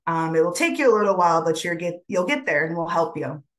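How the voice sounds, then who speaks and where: A sly alligator coaxes his prey with friendly talk in a spoken folk tale, as a woman storyteller takes his part. The voice is on the low side and only lightly changed from her own, with a warm, easy storybook lilt. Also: expressive, fast, close to an everyday voice. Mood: coaxing. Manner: friendly, coaxing. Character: sly scheming male alligator.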